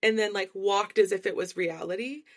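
A woman's voice: mid-range voice, moderate pace. A woman co-hosting a podcast, chatting casually and gossipy, with lots of filler words. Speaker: podcast co-host. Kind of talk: casual recap chat.

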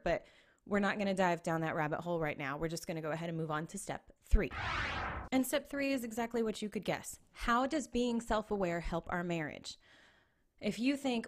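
Woman, fairly low voice, earnest conversational advice talk, checks in with listeners. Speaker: relationship advice speaker.

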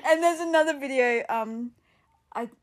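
Young woman, casual podcast co-host, rambling chatty delivery, voice sits a bit high. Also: normal speed. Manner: rambling storytelling, lots of "like", laughs. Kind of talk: casual chat.

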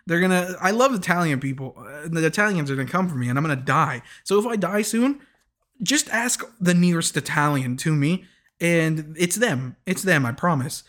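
A man's voice: on the high side, lively intonation, fairly bright tone. A man chatting casually as a podcast host, joking, laughing easily and often restarting his sentences. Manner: rambling, joking, quick to laugh; restarts and corrects himself often. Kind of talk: casual chat recapping a TV show.

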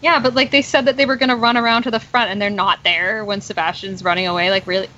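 A woman's voice: on the high side, level tone, fast, bright, forceful tone. Chatty young woman recapping a show. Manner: chatty, lots of "like" and "um". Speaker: podcast host. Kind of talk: casual chat. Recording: dull lo-fi sound with faint noise.

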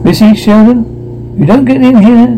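A man's voice: a little high, animated, moderate pace, gravelly, dark tone, slight background noise, rough recording. A man putting on a bratty little girl. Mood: taunting. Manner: taunting, bratty. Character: bratty little girl, sassy twin sister.

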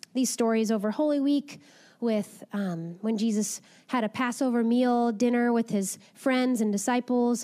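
A woman giving a gentle, reflective devotional talk and reading a children's Bible story aloud. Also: a little high. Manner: gentle, reflective, soft-spoken.

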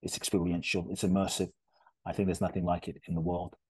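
A man from Ghana, a spiritual teacher, telling a story as a podcast guest in an earnest, animated way. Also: deep voice, fast talker, slightly rough, no room sound.

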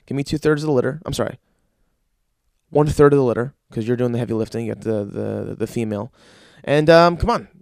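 A man's voice: mid-range voice, fast, creaky, a little mellow, no echo, studio quality. A young man hosting a casual solo podcast, rambling wryly with plenty of swearing. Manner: profane, rambling, wry. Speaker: podcast host.

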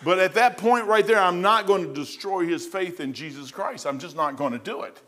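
A man's voice: sits high, moderate pace, a bit bright. A middle-aged man preaching, telling a story in a rambling way with many restarts. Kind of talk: sermon storytelling.

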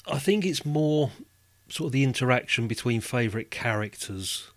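A man's voice: medium pitch, expressive, normal speed, no echo. Rambling man in casual chat, dry sound. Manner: rambling, many restarts and "you know". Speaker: podcast guest.

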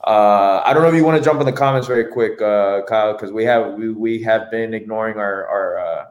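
A man co-hosting a podcast, reviewing a film in a casual chat, telling animated stories and swearing freely. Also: lowish voice, fairly quick, reverberant, dull audio. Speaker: podcast co-host.

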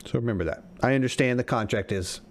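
A man's voice: mid-range voice, quick pace. A man co-hosting a casual sports podcast, talking confidently with trailing fillers. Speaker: podcast co-host. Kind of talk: casual fantasy football chat.

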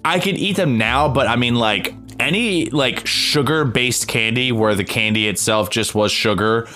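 A man's voice: mid-range voice, bright, forceful tone, soft background music. A young man from New Jersey co-hosting a podcast, chatting casually, swearing freely and drawing out his phrases. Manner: laid-back, swears freely, drawn-out phrases. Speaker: podcast co-host. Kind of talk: casual chat.

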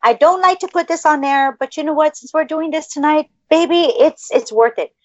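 A woman with a high voice hosts a casual podcast chat, gushing and effusive. Her sound is dull and lo-fi, with a dry, close feel. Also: normal speed, dry recording. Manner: gushing, effusive baby talk to pets. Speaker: podcast host.

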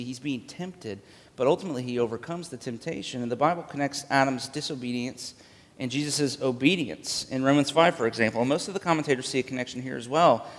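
A man in the middle of a sermon, his voice at an ordinary middle pitch. He preaches earnestly and conversationally and builds toward emphatic peaks. A long reverb trails every phrase, as in a large hall. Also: fairly bright tone. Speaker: pastor.

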